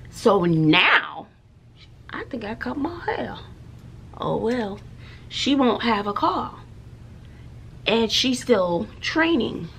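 A middle-aged woman talks straight to her viewers in a chatty vlog. Her voice has a gravelly edge, and she takes her time. She tells her stories with drama and often drops to a hushed aside. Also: mid-range voice, a little hiss or hum. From Texas. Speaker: schoolteacher and mother. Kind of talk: casual chatty vlog storytelling.

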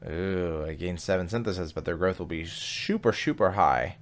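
A man's voice: low voice, normal speed. A man hosting a casual gaming video, chatting and reading game text aloud as he plays. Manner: chatty, reacts aloud and sings snatches of songs.

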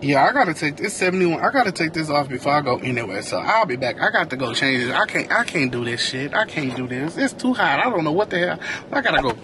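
Talking directly to his viewers in a casual vlog, this man speaks fast in a slightly high, sing-song voice and exclaims a lot. The background is noisy.

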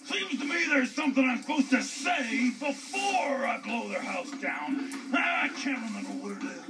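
A man's voice: very high-pitched, sing-song, recorded from a distance, over loud music, rough recording. A man voicing a goofy, forgetful male wolf in a children's puppet show, cackling and drawing out his words. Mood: gleeful. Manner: cackling, drawn-out, showy.

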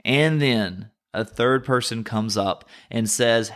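Southern guy from north carolina doing a bible teaching podcast, earnest and reflective, middle-pitched voice. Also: animated, measured pace, gravelly, hardly any pauses. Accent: Southern American. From North Carolina, USA.

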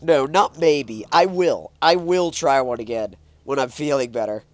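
A man's voice: medium pitch, animated, unhurried, no room sound. Male gaming commentator, stuffed-up nose, rambling and reactive, dead-dry close mic. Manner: rambling, exclaims at the road. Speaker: gaming YouTuber. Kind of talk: casual gameplay commentary.

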